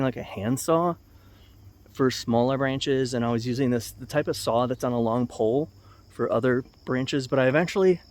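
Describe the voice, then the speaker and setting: A man's voice: mid-range voice, a little mellow. A middle-aged man with a mid-range voice tells a story to the camera in an easygoing vlog. He rambles, restarts his sentences and chuckles along the way. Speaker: vlogger.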